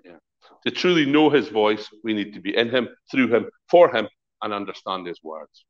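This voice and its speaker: Animated man preaching a sermon. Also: fairly low pitch, moderate pace, dull audio. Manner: lively, conversational preaching with acted-out quotes. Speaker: pastor.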